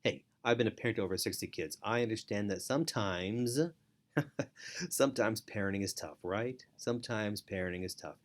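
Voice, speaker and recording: A man's voice: fairly low pitch, normal speed. A middle-aged man teaching parents in an earnest instructional talk, repeating key phrases for emphasis. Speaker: foster parent and parenting educator.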